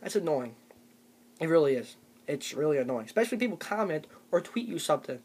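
A man's voice: fairly high pitch, big pitch swings, quick pace, darkish tone, slightly rough. A young man delivering a sarcastic comedic rant to camera, tagging his points with "okay?". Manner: ranting, sarcastic, tags lines with "okay?". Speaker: vlogger.

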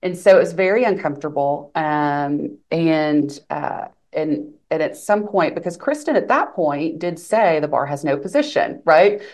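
A woman's voice: low voice, a little slow, few pauses. A woman attorney from Arkansas, telling her story in an interview and quoting the people she met. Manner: animated, quotes others' lines while recounting events. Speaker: attorney guest.

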